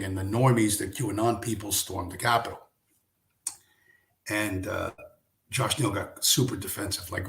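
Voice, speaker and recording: A man's voice: fairly low pitch, fairly bright tone, reverberant. A man hosting a live stream, ranting in a casual way, sarcastic and profane, firing off rhetorical questions.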